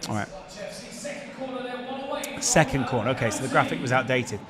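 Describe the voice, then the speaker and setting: A man's voice: mid-range voice, normal speed, crowd noise. A man with a Scouse accent hosting a casual live stream, chatting and answering viewer questions. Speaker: streamer host.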